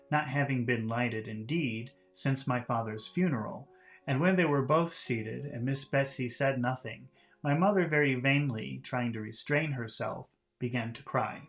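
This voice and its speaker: A man's voice: medium pitch, a bit bright. A man teaching English by reading a classic novel aloud and patiently explaining its words in plain terms.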